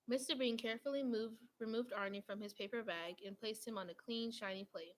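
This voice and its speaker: Woman narrator, children's picture book read-aloud, gentle and even, a little high-pitched. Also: fairly quick, low-quality recording. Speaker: storybook reader.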